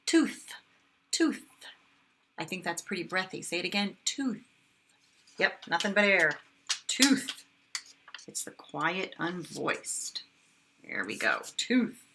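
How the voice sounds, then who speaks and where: A kindergarten teacher, a woman, sounding out words slowly and with exaggeration for young children in a phonics lesson. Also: fairly low pitch, pushed and bright, slight background noise.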